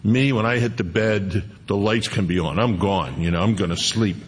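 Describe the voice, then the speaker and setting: A man's voice: on the low side, normal speed, slightly rough. A middle-aged male pastor preaching a sermon in a conversational way, with homely asides and scripture read aloud.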